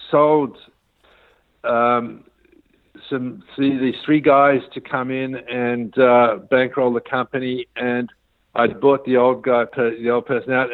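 A man rambles through a business story as an interview guest, acting out the quoted dialogue. He talks in a middle register, and the sound is thin and phone-like with no room echo. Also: mid-range voice. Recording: tinny dry phone line.

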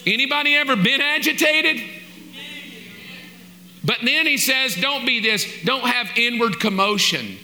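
Bright, high-voiced preacher. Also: male voice, a little slow, long pauses. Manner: conversational, jokey asides, mock exasperation. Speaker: pastor. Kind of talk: sermon.

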